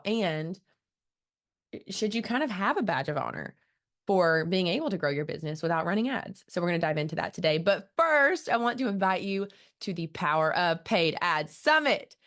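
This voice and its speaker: A woman in her thirties hosts her own podcast in a casual solo monologue. Her voice sits a little low, and she sounds eager and sincere, talking warmly and freely to her audience. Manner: enthusiastic, earnest and chatty. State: emotional, close to tears. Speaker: podcast host.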